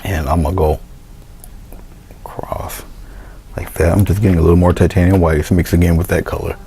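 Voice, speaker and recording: Low gravelly man demonstrating painting. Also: brisk, slight background noise. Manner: relaxed, talks through each step, trails into quiet asides. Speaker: painting instructor. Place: indoor studio.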